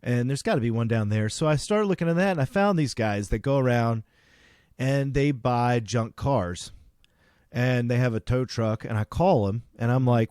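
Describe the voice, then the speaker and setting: A man's voice: medium pitch, normal speed, darkish tone, dry recording, studio quality. A man co-hosting a podcast, telling a long story in casual chat and acting out both sides of the conversation. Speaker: podcast co-host.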